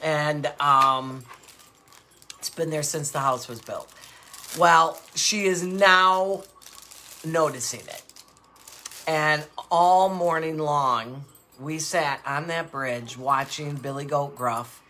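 A woman's voice: sits low, takes it slowly. An older woman hosting a live jewelry sale show, chatting casually and rambling through stories with frequent laughs. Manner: animated, with many fillers. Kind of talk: casual chat.

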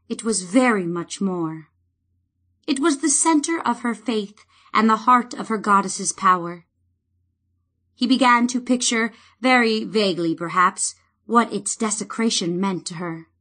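Woman reading a fantasy book out loud, slow and unhurried, bright voice with lots of lilt. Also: mid-range voice, animated. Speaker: audiobook narrator. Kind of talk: fantasy novel narration.

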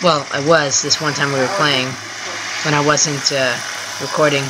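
A gameplay host giving casual, excitable running commentary from home while chatting with a teammate. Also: mid-range voice, moderate pace, background noise. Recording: game music clearly heard underneath. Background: music from the game.

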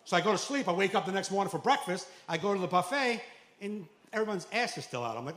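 A man doing a stand-up comedy set, animated and acting out characters with sudden loud outbursts. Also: sits high, fast talker, a little hiss or hum. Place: comedy club. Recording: echoey club with faint ambience.

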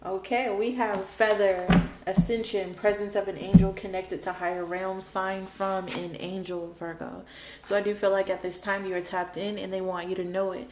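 A woman reads tarot at normal speed in a level, medium-pitched voice, though the reading itself is emotional and dramatic, with phrases repeated for emphasis. The audio carries a roomy echo and faint background noise.

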